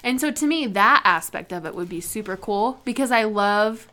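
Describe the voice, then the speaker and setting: A woman's voice: mid-range voice, expressive, moderate pace, pushed and bright. A woman co-hosting a podcast in casual chat, telling rambling stories full of fillers. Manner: chatty, rambling storyteller with many fillers. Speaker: podcast co-host.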